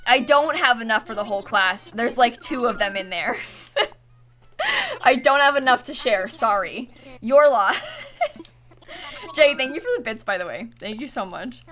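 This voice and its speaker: A woman's voice: mid-range voice, fairly bright tone. A young woman streaming a game, chatting casually, giggling often and pleading with the game. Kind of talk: casual live-stream chat while gaming.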